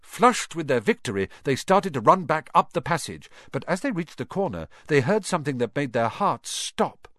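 A man reading a children's story aloud in an animated, expressive manner. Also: a little high, normal speed, hardly any pauses, no room sound, studio quality. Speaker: audiobook narrator. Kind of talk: scripted storybook narration.

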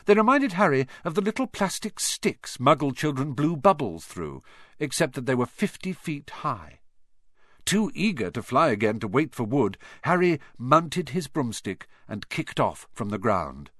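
A man narrating a children's fantasy novel in an expressive storytelling manner. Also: medium pitch, unhurried, dry recording, clean studio sound. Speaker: audiobook narrator.

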